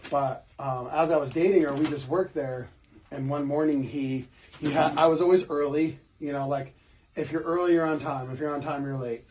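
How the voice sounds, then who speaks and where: A man's voice: on the high side, fairly even intonation, moderate pace, darkish tone. A man in his forties, a tattoo artist, chatting casually and telling a rambling story with many restarts while he works.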